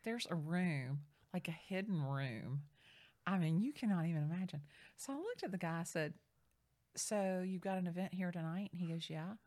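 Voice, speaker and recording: Animated woman telling a story. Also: fairly low pitch, normal speed. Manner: animated storyteller, acts out quoted voices. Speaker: real estate agent. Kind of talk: casual storytelling chat.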